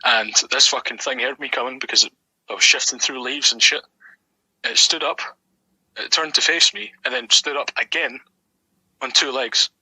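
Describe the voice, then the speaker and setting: A man's voice: mid-range voice, moderate pace, long pauses, sharp tone, slightly rough, no room sound, poor audio. A young Scottish man telling a story in a casual, rambling way, swearing often and filling his talk with ums and likes. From Scotland. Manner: rambling and sweary, with many fillers. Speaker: guest.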